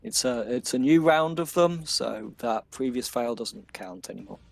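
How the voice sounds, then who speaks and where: A man narrating a tabletop game as game master, unhurried and loose, with many fillers. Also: mid-range voice, expressive, vocal fry, no echo, faint music behind.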